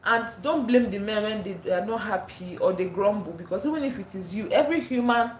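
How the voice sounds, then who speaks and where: A fairly quick-talking woman with a medium pitch hosts a laid-back live stream; she's from Nigeria, sounds tired, welcomes viewers by name, and tends to repeat herself. Her echoey room adds faint ambience, along with slight background noise.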